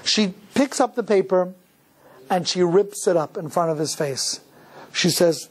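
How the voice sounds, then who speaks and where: A rabbi from Cleveland, Ohio, giving a sermon as he tells a story in a measured way, with many restarts. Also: high voice, a little hiss or hum.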